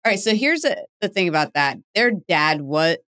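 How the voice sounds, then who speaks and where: Chatty lower-voiced woman host. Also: sing-song, moderate pace, a bit bright. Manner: chatty, laughs often, self-deprecating. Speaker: podcast host. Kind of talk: casual chat.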